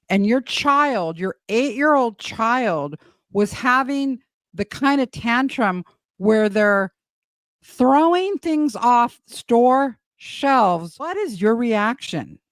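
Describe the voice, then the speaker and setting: Woman, commentator, slow deliberate questions, lively pitch, dry close sound. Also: no echo. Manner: deliberate, posing questions to viewers. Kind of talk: reaction commentary.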